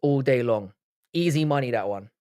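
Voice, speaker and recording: A young man chatting loosely with his live-stream viewers, cursing freely and tripping over his restarts. His voice sits at an ordinary middle pitch and sounds close and dry, with no room sound. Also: moderate pace, warm tone, smooth, no echo. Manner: swearing, bantering, rambling with restarts. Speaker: livestream host. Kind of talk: casual live-stream chat, reacting to comments.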